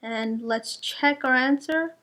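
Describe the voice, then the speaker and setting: Young female math tutor, high voice, unhurried delivery, patient step-by-step explainer. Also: fairly bright tone. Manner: patient, walks through each step and checks answers.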